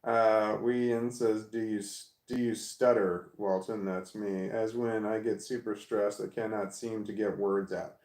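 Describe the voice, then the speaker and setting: A man's voice: on the low side, fairly even intonation, unhurried, hardly any pauses, a little mellow, roomy sound. A man chatting casually on a live stream, reading comments aloud and answering them, who stammers and repeats words as he searches for what to say. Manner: rambling, thinks aloud. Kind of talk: casual chat.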